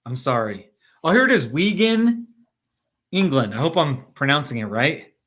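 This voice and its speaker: A man's voice: a little high, big pitch swings, normal speed, a bit bright. A middle-aged American man hosting a casual livestream, chatting with viewers by name and laughing often. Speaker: livestream host. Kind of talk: casual live chat reading comments. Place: Colorado.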